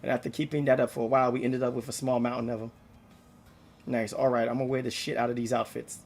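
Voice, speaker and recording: A man doing a cocky young knight girl, blunt and swearing, mid-pitched game dialogue. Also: little pitch movement, quick pace, a little mellow, slight background noise, close to an everyday voice. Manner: blunt, swaggering, swears casually. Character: brash young female knight, cocky and eager. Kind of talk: reading game dialogue aloud.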